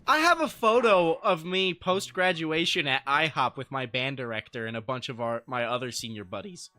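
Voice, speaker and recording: A man's voice: on the high side, animated, normal speed, sharp tone. A young adult man streaming live, telling casual stories to his chat, swearing freely and laughing often.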